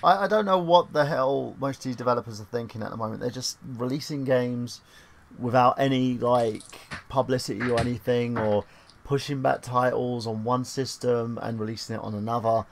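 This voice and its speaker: A man's voice: medium pitch, moderate pace, creaky, a little hiss or hum. A man co-hosting a gaming podcast, reading a news story aloud with rambling asides in casual chat. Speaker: podcast co-host.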